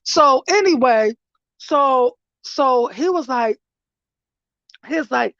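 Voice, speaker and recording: A woman with a high voice tells a story as a casual, animated and profane vlog rant. Her voice is recorded dry, with a dull lo-fi sound. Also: takes it slowly, no echo. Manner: animated, profane, laughing through retelling. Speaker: vlogger.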